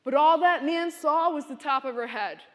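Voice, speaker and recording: Female keynote speaker, expressive motivational storyteller, high voice, reverberant hall. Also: normal speed. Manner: storytelling, expressive, direct to audience. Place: university conference venue.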